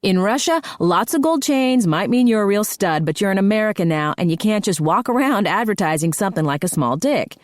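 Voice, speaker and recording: A woman's voice: medium pitch, animated, brisk, hardly any pauses, dry recording, clean studio sound, voice pushed up, close to an everyday voice. A woman voicing a male hockey player who needles his teammates with mocking trash talk, in an audiobook. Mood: teasing.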